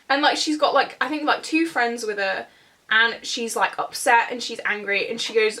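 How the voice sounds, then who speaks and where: A woman's voice: a little high, moderate pace, sharp tone. A woman in her twenties telling a rambling storytime while she does her makeup at home, with plenty of fillers and asides. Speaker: vlogger. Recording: voice a bit distant from the mic.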